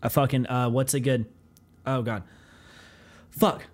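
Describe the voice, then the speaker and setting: A man's voice: medium pitch, little pitch movement, normal speed. A young man co-hosting a podcast, talking casually, swearing and laughing often. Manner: profane, rambling, laughing often. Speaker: podcast co-host. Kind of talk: casual chat.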